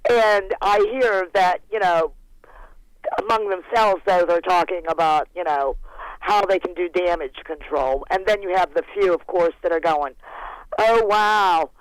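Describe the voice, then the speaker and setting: A woman from Pennsylvania calling in to a radio show, talking in an animated, incredulous way. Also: fairly low pitch, measured pace, no room sound, rough recording. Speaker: caller. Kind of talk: call-in radio chat.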